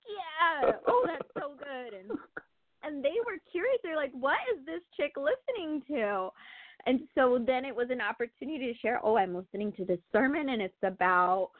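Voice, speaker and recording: A woman's voice: on the high side, dry recording. Chatty woman on a tinny line. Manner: animated, laughing, lots of fillers. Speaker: guest sharing testimony. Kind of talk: casual testimony chat. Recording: tinny phone-like line, dry.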